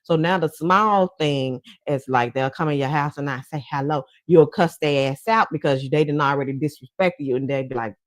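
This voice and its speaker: A woman's voice: deep voice, normal speed, few pauses, no room sound. A woman giving casual commentary in a blunt, profane, chatty way, often breaking into laughs. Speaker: commentary vlogger.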